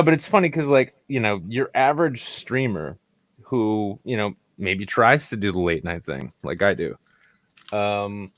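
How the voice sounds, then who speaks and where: A man's voice: fairly low pitch, fairly bright tone, dry recording. A young man from New England hosting a podcast, ranting sarcastically and swearing a lot in casual chat. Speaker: podcast host.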